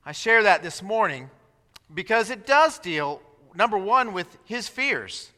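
A man delivers a sermon in a church sanctuary and tells the story with animation, slipping into the voices of its characters. His voice sits high and rings bright. The sound carries a long reverb from the hall. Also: lively intonation, measured pace. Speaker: pastor.

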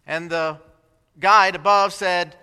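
A man delivers a sermon in a church sanctuary and tells the story with animation, slipping into the voices of its characters. His voice sits high and rings bright. The sound carries a long reverb from the hall. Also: steady tone, takes it slowly, clean tone. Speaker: pastor.

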